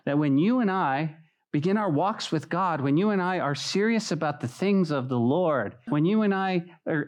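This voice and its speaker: A male pastor delivering an evening Bible study in a lively, conversational way. His voice sits a little higher than most men's. He keeps turning to his listeners to call them "guys" and jumps into animated bits. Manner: animated, acts out mocking voices with high pitch. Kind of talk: sermon.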